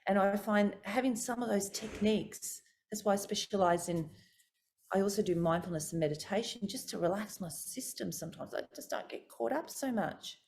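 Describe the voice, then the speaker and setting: Expressive woman vocal coach teaching warm-ups. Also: moderate pace. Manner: expressive, demonstrates pitch and articulation. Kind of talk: coaching workshop talk.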